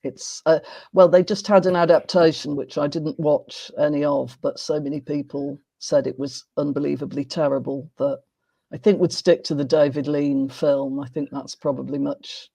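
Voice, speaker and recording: A woman hosting a casual interview, speaking in a polite, measured and gently wry way. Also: deep voice, steady tone, gravelly, no echo. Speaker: host.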